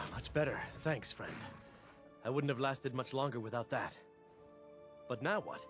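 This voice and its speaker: A man's voice: mid-range voice, a little slow, fairly bright tone, close to an everyday voice. Injured hunter in a game, pleading and breathless, played by a male actor, game music behind. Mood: grateful. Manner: pleading, weary. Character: wounded male hunter begging a stranger for help.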